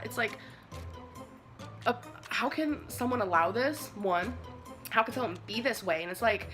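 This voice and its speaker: A woman's voice: medium pitch, a bit bright. A young woman vlogger chatting casually to camera, gushing and rambling about her pets with lots of fillers. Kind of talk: casual pet tag chat to camera. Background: background music.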